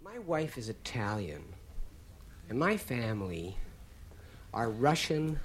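A man in his thirties from Canada performing a stand-up comedy monologue, telling wry stories that build to sudden loud punchlines. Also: mid-range voice, big pitch swings, slow pace. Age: 30s. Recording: noisy live comedy recording.

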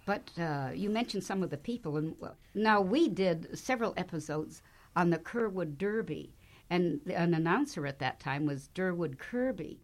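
A woman with a fairly low voice whose pitch rises and falls a lot. She speaks as an interview guest and adds quick asides to the stories. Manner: chiming in with lively asides. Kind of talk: conversational interview.

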